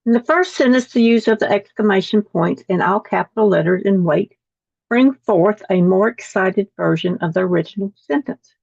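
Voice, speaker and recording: A woman's voice: medium pitch, moderate pace, gravelly, a little mellow, no room sound. Lady teacher on a video call, reading text out and redoing words she trips on, dull dry sound. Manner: reads text aloud, repeating words after slips. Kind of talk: online class lesson.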